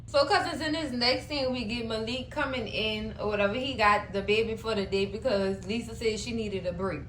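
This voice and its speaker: A woman recapping a TV episode in a sassy, animated way, addressing her viewers as cousins. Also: on the high side, a little fast, roomy sound, a little hiss or hum, poor audio. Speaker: show recap host. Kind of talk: casual recap commentary.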